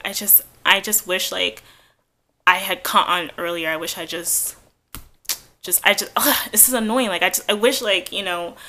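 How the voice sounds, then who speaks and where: A woman's voice: on the low side, bright, forceful tone. A woman in her twenties chatting casually to camera, rambling and candid with lots of fillers. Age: 20s. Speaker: vlogger.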